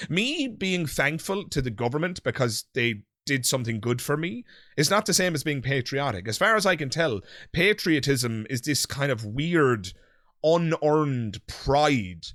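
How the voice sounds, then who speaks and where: A man's voice: fairly high pitch, no room sound, clean studio sound. An Irish man from Ireland hosting a podcast, chatting casually and voicing strong opinions with a laugh. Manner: opinionated, animated, laughs often. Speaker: podcast host. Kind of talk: casual chat.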